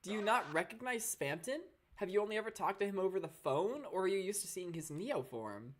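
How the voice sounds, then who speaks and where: A woman streaming live gameplay, talking to her chat in a chatty, excitable, playful way. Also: mid-range voice, fairly quick, slight background noise. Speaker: gaming streamer.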